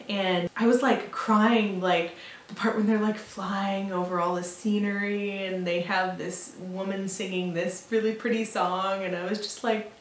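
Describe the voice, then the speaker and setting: A woman's voice: medium pitch, a little hiss or hum. A young adult woman vlogging in casual chat, talking freely with many fillers and laughs. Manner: chatty, lots of fillers and laughs. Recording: roomy echo, mic at a distance.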